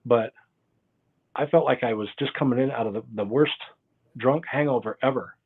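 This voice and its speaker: A man's voice: mid-range voice, moderate pace, slightly rough. Man, interview guest, rambling storyteller, tinny phone-like sound, video call. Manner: rambling, loses his train of thought.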